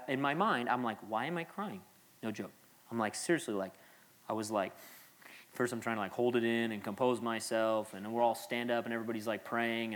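A man in his late thirties, a pastor preaching an earnest, conversational sermon with frequent restarts and asides. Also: medium pitch.

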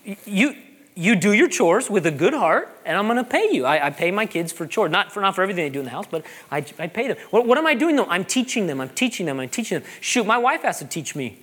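A man, a pastor preaching a sermon, animated and joking, repeating phrases for emphasis. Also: high voice, quick pace, slightly rough.

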